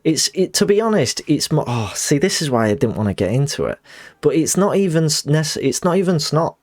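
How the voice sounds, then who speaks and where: Here the streamer sounds a little high, very animated and brisk, with a slightly mellow quality in a dry recording. He's a young man chatting while he plays, rambling, self-conscious and apologetic, giggling on the side, with faint music under the close mic.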